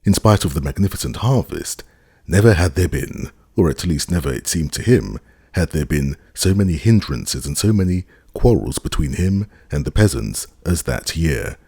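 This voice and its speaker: A man narrating a classic novel as an audiobook, measured and expressive. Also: low voice, husky, no echo, studio quality. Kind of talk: scripted narration.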